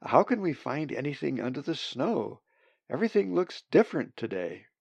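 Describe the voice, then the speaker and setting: A man's voice: fairly high pitch, big pitch swings, moderate pace, gravelly, a little mellow, husky, dry recording, voice pushed up, full character voice. A man voicing a worried, puzzled young male raven full of questions. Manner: anxious, questioning.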